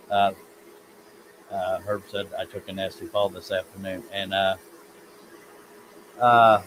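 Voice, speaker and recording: A man's voice: lowish voice, slight background noise, low-quality recording. A man hosting a casual woodworking live stream, rambling in a self-deprecating way and reading chat comments aloud from his home workshop.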